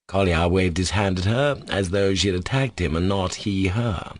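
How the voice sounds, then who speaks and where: A man with a low voice narrating a classic novel in a steady, even storyteller's way. The recording is close and bone dry, with no room sound at all. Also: moderate pace, few pauses, no room sound. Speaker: audiobook narrator. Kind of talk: scripted narration.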